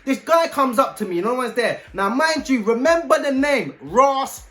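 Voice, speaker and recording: A man telling a story to camera in animated, slang-heavy casual chat. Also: very high-pitched, fairly quick. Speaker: vlogger.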